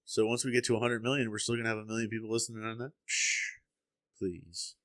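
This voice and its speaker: A man's voice: lowish voice, little pitch movement, fast, a bit bright, no room sound. A young man co-hosting a casual podcast, telling stories animatedly, swearing and acting out the people he quotes. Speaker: podcast co-host. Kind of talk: casual chat.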